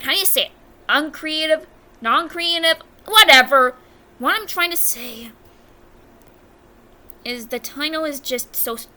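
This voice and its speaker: A young American woman whose voice sits high, pushed and bright, offers casual ranking commentary as a video reviewer. She comes across blunt and exasperated, often breaking off to rephrase what she said.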